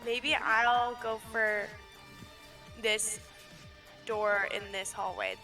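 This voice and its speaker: Woman player, high and bright, slow, hesitant. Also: steady tone, soft background music. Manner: unsure, hesitant. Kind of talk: casual chat in a tabletop game.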